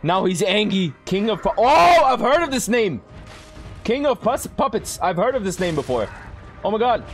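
A young man giving live gameplay commentary to his chat, excitable and swearing, often yelling at the game. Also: sits high, brisk, soft background music. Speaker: gaming streamer.

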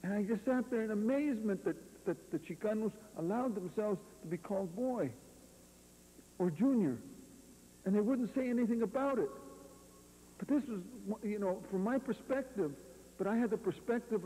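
High-pitched man lecturing in an echoing hall. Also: animated, moderate pace, warm tone. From California. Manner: throws rhetorical "what?" questions to the audience and tags lines with "you see". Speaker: guest lecturer. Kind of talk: rambling storytelling lecture to an audience. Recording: reverberant hall, faint hum, poor audio.

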